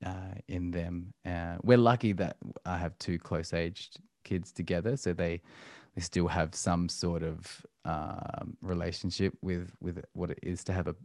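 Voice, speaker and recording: A man's voice: sits low, fairly even intonation, unhurried, a little mellow, no room sound, studio quality. A man, talking about family life as a podcast guest in a reflective, hesitant way full of ums. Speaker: podcast guest, musician and homeschooling parent. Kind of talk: casual interview talk.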